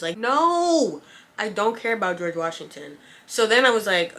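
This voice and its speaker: A young woman telling a casual story about her cashier job in an animated, slangy, exasperated way. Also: mid-range voice, moderate pace. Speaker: vlogger, former cashier.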